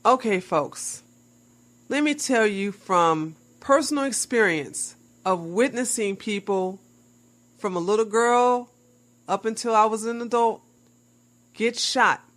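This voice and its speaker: A woman's voice: mid-range voice, slow pace, fairly bright tone. A woman delivering sarcastic commentary to her viewers, mocking the claims she reviews and calling her audience y'all. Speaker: commentary vlogger. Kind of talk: scripted commentary.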